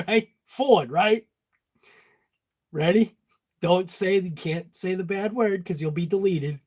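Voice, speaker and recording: Jokey high-voiced man in his garage. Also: slow, pauses often, a little mellow. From Massachusetts. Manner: jokey, talks to viewers by name. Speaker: channel host. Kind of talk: casual workshop chat. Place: home garage workshop.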